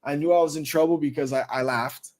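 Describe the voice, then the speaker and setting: Animated, profane man telling a story. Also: on the high side, fast talker. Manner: animated, profane, says "bro" a lot. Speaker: stream host. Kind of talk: casual storytelling chat.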